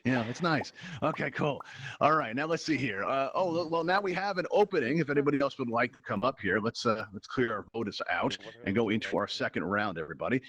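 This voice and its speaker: A man's voice: mid-range voice, lively intonation, fairly quick, a bit bright. A man hosting a live virtual reality game show, teasing and bantering playfully with contestants. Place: virtual reality social event.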